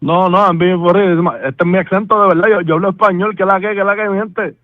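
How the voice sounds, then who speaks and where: A man playing a loud prank caller with an exaggerated fake accent, mixing in Spanish. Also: high voice, fairly even intonation, slow, no room sound. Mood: goofy. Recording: tinny phone line.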